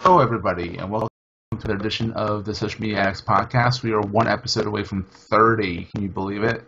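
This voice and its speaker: A man's voice: on the low side, fairly even intonation, fast, gravelly, fairly bright tone, muffled recording, a little hiss or hum. A man hosting a podcast, talking in a rambling, chatty way and often correcting himself mid-sentence. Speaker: podcast host. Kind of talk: casual chat.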